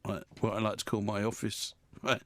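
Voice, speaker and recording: A man's voice: fairly low pitch, little pitch movement, brisk, fairly bright tone, no room sound. Guy hosting a radio show, rambly and jokey, cracks himself up, dry close studio mic. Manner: rambling and jokey, laughs at his own quips. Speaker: radio presenter. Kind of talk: casual studio chat.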